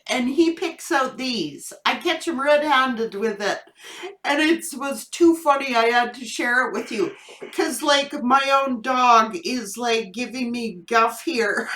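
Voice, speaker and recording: A woman's voice: high-pitched, a bit bright. A woman doing a casual tarot reading video, telling a funny story with plenty of laughter. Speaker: tarot reader. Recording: echoey room.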